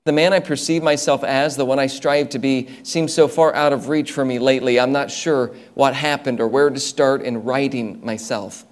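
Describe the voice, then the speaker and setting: A man preaching a sermon as an animated story, acting out the lines of the people in it. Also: medium pitch, moderate pace, few pauses.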